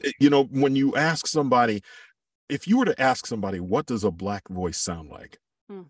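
A man who works as a voiceover artist and coach, speaking as a podcast guest in a measured, reflective way and giving examples. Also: medium pitch, husky, no echo, clean studio sound, recorded from a distance. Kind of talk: podcast interview, thoughtful conversation.

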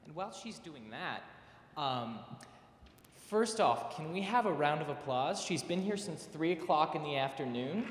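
A man's voice: a little high, lively intonation, moderate pace, slight background noise. A young man, a student singer, casually introducing his song to an audience, chatty and joking with many fillers. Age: young adult. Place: recital hall. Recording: echoey hall with music.

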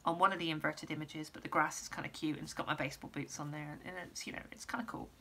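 A woman, a musician giving a casual vlog update, rambling with many pauses and restarts, her voice going hoarse. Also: deep voice, fairly even intonation, sharp tone. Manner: rambling, lots of ums and restarts. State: losing her voice, clearing throat.

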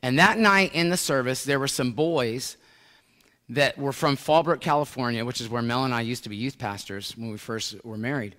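American preacher guy telling a story from the pulpit, drops quiet then gets loud, echoey sanctuary. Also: mid-range voice. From United States. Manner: storytelling, lively swings from hushed to loud. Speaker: pastor. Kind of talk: sermon. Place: large church sanctuary. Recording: long church hall reverb.

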